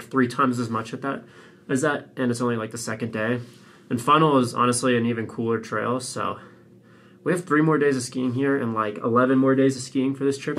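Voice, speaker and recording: A young man out of breath, excitedly talking to the camera in casual slang outdoors on a ski mountain. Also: mid-range voice, a little hiss or hum. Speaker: vlogger.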